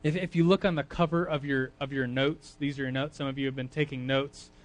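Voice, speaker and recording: A man preaching an informal sermon in a chatty, conversational way with frequent fillers. He moves between quiet asides and loud bursts of emphasis. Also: mid-range voice, fairly even intonation, a little fast.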